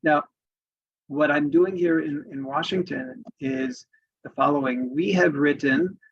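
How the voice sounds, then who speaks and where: Earnest guy reading examples out loud, gravelly and kinda husky, muffled lo-fi audio. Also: fairly high pitch, animated, measured pace. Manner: earnest, emphatic, with frequent restarts. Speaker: advocacy speaker. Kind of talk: spoken presentation reading quoted examples. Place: in Washington. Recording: dull lo-fi recording.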